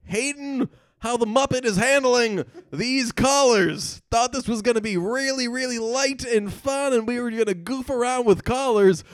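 A man with a strikingly high voice hosts a jokey morning radio call-in, rambling and teasing his co-host. He slips into a slight put-on southern twang. The sound is close and dry, with no room around it. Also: normal speed, clean tone, no room sound. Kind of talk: comedic call-in radio banter.

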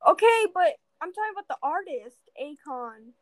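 High-voiced teen girl ranting. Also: normal speed, no echo, poor audio. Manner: animated ranting, lots of fillers. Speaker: student. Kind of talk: casual chat.

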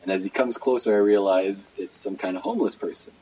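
A man telling a personal story as a guest, lively and casual with many fillers. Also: fairly low pitch, fast talker. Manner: animated, acts out quotes, many fillers. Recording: dull recording with faint noise.

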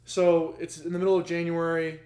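A man's voice: fairly high pitch, level tone, fairly quick, a little mellow, echoey room. A young man, a podcast guest, casually telling his side of a story and correcting details with a chuckle. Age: young adult.

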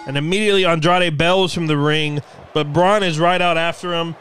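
A man hosting and narrating as a commentator, calling the action play-by-play in an energetic announcing manner. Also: a little high, brisk, slight background noise.

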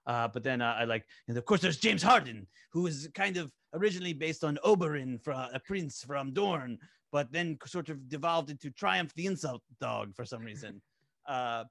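A man's voice: a little high, animated, normal speed, gravelly, fairly bright tone. A male voice actor talks through an interview in a loose, rambling way, leaning on fillers and restarting his sentences. He sounds eager and keeps talking at length about his work. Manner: eager, enthusiastic. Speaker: voice actor on an animated web series, interview guest. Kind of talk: casual interview talk.

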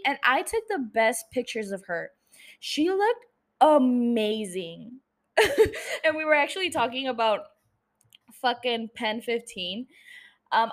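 A young woman in her twenties casually chatting as a podcast host, sprinkling in swears and laughs. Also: fairly high pitch. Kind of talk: casual chat.

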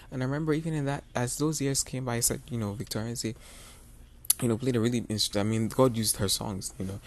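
Brief: young male podcast host, gravelly, earnest faith testimony, confessional, rambling with fillers. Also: mid-range voice, steady tone, quick pace.

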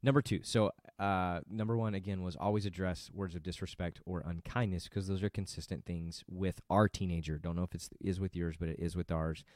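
A middle-aged father speaks in a very low, deep voice, musing about family life in a loose, rambling way. He breaks off his own sentences and tosses in joking asides. The sound is close and dry, with no room echo. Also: fairly even intonation, a little fast, hardly any pauses, darkish tone. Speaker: father vlogging about parenting. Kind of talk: casual unscripted monologue.

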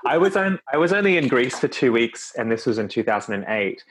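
A man hosting a casual conversation, relaxed and affirming, telling a rambling travel story. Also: medium pitch, a little fast, slight background noise.

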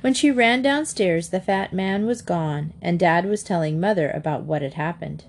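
A woman's voice: fairly low pitch, moderate pace, vocal fry. Woman narrating a children's book. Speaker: audiobook narrator.

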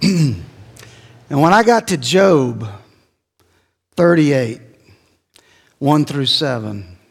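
A middle-aged man delivers a sermon at an unhurried pace, his voice sitting a little high. He tells a personal story, swelling at its peaks and sinking low and quiet. A long reverb of a large hall trails each phrase. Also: animated, gravelly, breathy edge. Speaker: pastor.

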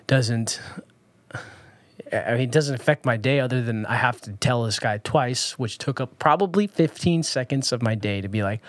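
In a loose personal vlog, a Southern California man talks through his day, rambling with many ums, pauses, and restarts as he circles back over his words. His pitch sits mid-range, and the recording is dry and close with no room sound or echo.

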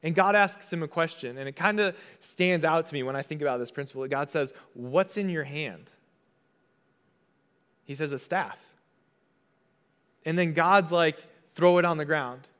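A man's voice: a little high, normal speed, a bit bright. A young adult man, a pastor, giving a conversational sermon and casually acting out the voices he quotes.

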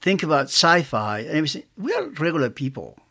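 A man, hosting a casual solo podcast, rambling excitedly, laughing often and acting out both sides of conversations. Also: fairly high pitch, quick pace. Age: 60s. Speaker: podcast host.

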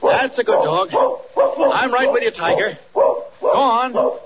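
An actor playing a commanding grown hero in 1940s radio acting style. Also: male voice, extremely high pitch, unhurried, a loud crowd. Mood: urgent. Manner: commanding, coaxing a dog. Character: calm heroic grown man, Superman. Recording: dull old radio recording, far from mic.

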